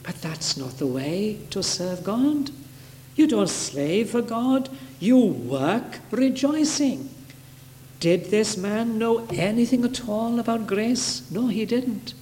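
A man's voice: high voice, animated, slow, mellow. A man preaching a sermon with emphatic, repeated phrases that build in force. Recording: reverberant hall with faint noise.

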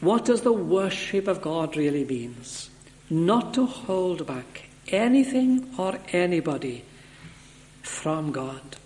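A man preaching an expository sermon in an earnest, measured way, stressing points through repetition. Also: a little high, big pitch swings, a little mellow.

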